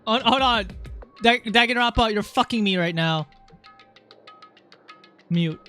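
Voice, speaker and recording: A streamer talking through a voice changer in casual livestream chat while gaming, excitable and rambling, laughing often and reacting to chat. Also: mid-range voice, measured pace, faint music behind.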